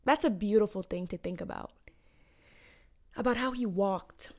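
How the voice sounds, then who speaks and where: A woman's voice: mid-range voice, moderate pace, pauses often, a little mellow. A young woman casually retelling a Bible story to her viewers, chatty and slangy with lots of "like" and "you know".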